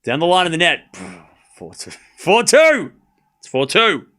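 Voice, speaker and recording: He's hosting a live tennis watchalong, calling each point as it happens and trading sarcastic jabs with chat. His delivery jumps between mumbled score updates and shouted calls, with a fairly high, sing-song voice at a normal speed.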